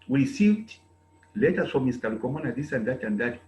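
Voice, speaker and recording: Zambian guy lecturing his students, pitch jumping all over, keeps repeating himself, echoey room with a faint hum. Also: sing-song, a little fast, a little mellow, soft background music. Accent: Zambian English. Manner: emphatic, repetitive, scolding. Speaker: program director addressing students. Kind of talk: lecturing speech at an online meeting.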